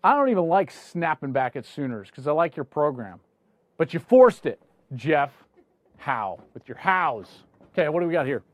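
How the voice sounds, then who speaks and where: Man, sports talk host, mock-indignant rants, slightly high voice, dry studio sound. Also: sing-song, normal speed, no room sound, highs cut off. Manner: mock-indignant ranting at viewers.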